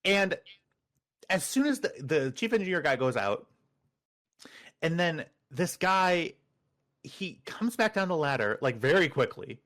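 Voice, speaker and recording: Animated man telling a story. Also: on the high side, measured pace, pauses often. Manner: animated storyteller, acts out other people's lines. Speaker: tabletop game player. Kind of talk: casual pre-game banter.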